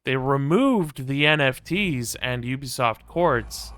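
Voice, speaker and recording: A man's voice: medium pitch, animated, takes it slowly, fairly bright tone, smooth. A man streaming a game, chatting casually and ranting with plenty of profanity and wry asides. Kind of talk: casual gameplay commentary.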